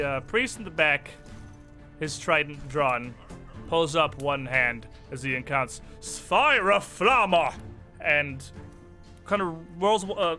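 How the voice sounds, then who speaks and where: A man narrating as game master in a tabletop game, animated and often laughing. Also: fairly high pitch.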